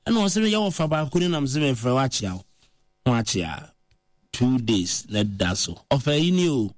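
A man with a Ghanaian accent preaching in a conversational way, mixing languages and rising to high, emphatic pitch. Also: very animated, moderate pace, no echo, studio quality.

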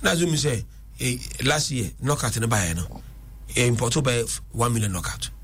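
A man's voice: medium pitch, expressive, moderate pace, a bit bright, slightly rough. A man, rambling in a casual discussion and switching between languages. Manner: rambling, restarts and code-switching.

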